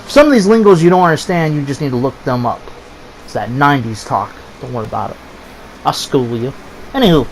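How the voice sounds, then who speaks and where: A man in his thirties telling a story in a casual, profane, animated way, swearing freely and acting out his friends' voices. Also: high-pitched, a little hiss or hum, poor audio.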